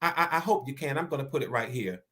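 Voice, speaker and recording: Inspirational speaker, sermon-style delivery, mid-pitched voice, stammers and repeats, slows down hard for emphasis. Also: a bit bright. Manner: preacher-like, rising to emphatic declarations. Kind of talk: motivational sermon-style talk.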